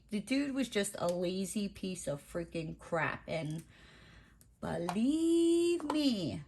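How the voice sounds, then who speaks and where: A woman vlogger chatting casually while she crafts, telling a story in a blunt, profane way, full of "like" and asides. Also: medium pitch.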